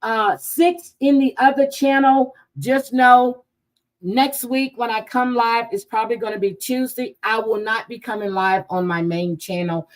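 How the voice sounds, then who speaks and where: A woman's voice: fairly high pitch, fairly even intonation, measured pace, low-quality recording. A woman hosting a live stream, chatting casually, thanking viewers by name and talking to herself as she clicks through pages. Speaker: livestream host reading chat.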